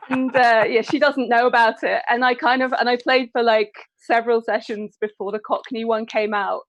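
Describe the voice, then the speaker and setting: Brief: woman guest, somewhat high voice, hesitant casual chat. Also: fairly even intonation, normal speed, hardly any pauses, no room sound. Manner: chatty, hesitant with many fillers. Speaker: roundtable guest.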